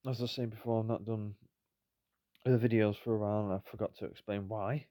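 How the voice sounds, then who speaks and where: A man's voice: fairly low pitch, level tone, brisk, dark tone, dry recording, studio quality. A tired man giving rambling, self-deprecating commentary on a football management game. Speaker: gaming YouTuber. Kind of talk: casual gameplay commentary.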